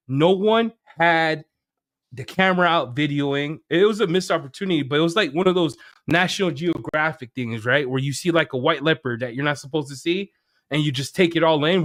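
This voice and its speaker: Animated joking man telling stories. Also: a little high. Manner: animated storyteller, joking, swears casually. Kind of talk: casual livestream chat.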